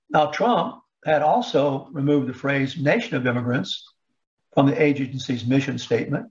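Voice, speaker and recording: A man giving political commentary, halting with fillers and restarts, pushing rhetorical questions up in pitch. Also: highs cut off. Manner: rhetorical questions with rising emphasis.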